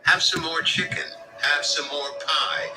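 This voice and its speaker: A man in a soundboard clip, taunting in a sing-song way over loud music. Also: a little high, fairly even intonation, measured pace, reverberant, voice pushed up, natural voice.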